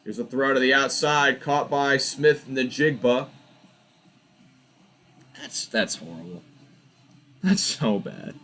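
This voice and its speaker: A man's voice: mid-range voice, slow pace, pauses often. A young man hosting a football watch party, giving casual live commentary and ranting in exasperation at the referees. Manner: animated, exasperated ranting about refs.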